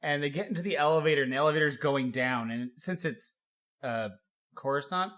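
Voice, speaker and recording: A man's voice: on the high side, brisk, fairly bright tone. A young man co-hosting a podcast, telling stories in casual chat with lots of filler words and bursts of laughter. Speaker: podcast co-host.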